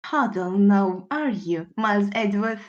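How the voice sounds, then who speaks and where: A woman's voice: mid-range voice, animated, a little slow, dull audio, noisy background, close to an everyday voice. A woman doing a haughty young prosecutor. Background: game music.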